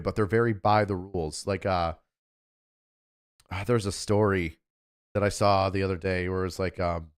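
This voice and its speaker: A man's voice: deep voice, clean tone. A man hosting a livestream, chatting casually in a rambling, offhand way. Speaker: livestream host.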